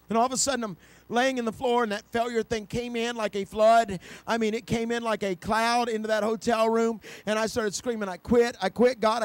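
High-voiced male preacher, dry sound. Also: dry recording. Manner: builds to loud, high-pitched preaching; storytelling, with repeated restarts. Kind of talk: sermon.

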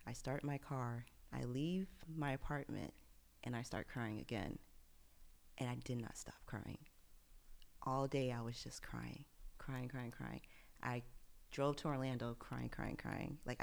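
A woman co-hosting a podcast, telling a personal story in an animated, laughing way that sinks to a near whisper on the sad parts. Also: extremely low pitch, vocal fry. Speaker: podcast co-host.

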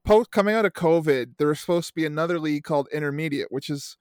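A man's voice: on the high side, fast talker, clear, resonant tone, dry recording, studio quality. A middle-aged man in casual podcast chat, telling rambling, profane youth-sports stories. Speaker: podcast co-host and youth baseball coach.

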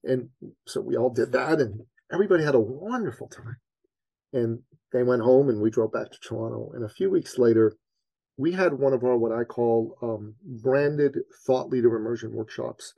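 A man, a business coach, telling a personal story on a podcast in an earnest, animated way that leans on his faith. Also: medium pitch, normal speed, vocal fry, dry recording, muffled recording. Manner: animated storyteller, acts out his own panic.

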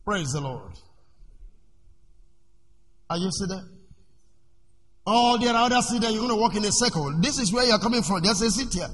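A male preacher giving a sermon in an animated way. He asks the congregation questions and lets them finish his sentences. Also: high-pitched, normal speed, pauses often. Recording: echoey hall with faint noise.

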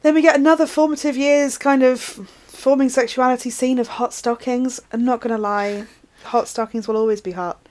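Chatty woman discussing films. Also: fairly high pitch. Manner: animated, chatty, quick asides. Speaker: podcast co-host. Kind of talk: casual film discussion.

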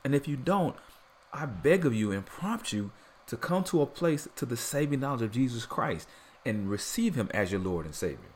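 A man's voice: medium pitch, very animated, normal speed. A man preaching on a sermon podcast, earnest and mixing scripture with casual asides and repeated phrases.

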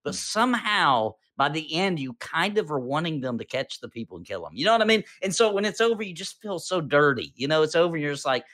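Animated, enthusiastic man. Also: on the high side, fast talker, hardly any pauses. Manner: enthusiastic, laughs easily. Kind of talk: casual chat.

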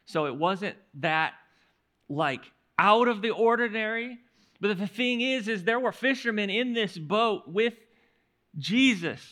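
A male pastor preaching a sermon in an animated storytelling manner, often restarting his words. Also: high-pitched, a little slow.

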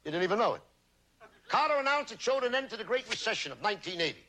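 A man's voice: high-pitched, big pitch swings, fast talker, pushed and bright. A man doing a punchy stand-up comedy monologue, played from an archival TV broadcast. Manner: punchy joke delivery with rising punchlines. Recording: noisy archival TV broadcast with audience. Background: crowd laughter.

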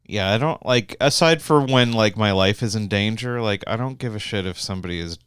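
A man's voice: lowish voice, brisk, a bit bright, smooth, dry recording, clean studio sound. A young Canadian man telling long, rambling road stories in casual chat, swearing freely and full of "like" and restarts.

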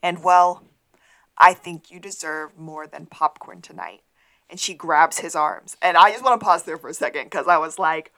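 A woman with a fairly low voice talks casually on a podcast. She gets lively as she recaps scenes and acts out quoted lines. Her tone is chatty and easygoing. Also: a little slow. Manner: animated retelling, acting out quotes. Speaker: podcast co-host.

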